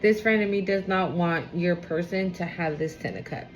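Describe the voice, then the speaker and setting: A woman giving a casual tarot reading to camera. She is animated and expressive, swears freely and talks aloud to spirit. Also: fairly low pitch, moderate pace, soft background music. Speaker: tarot card reader.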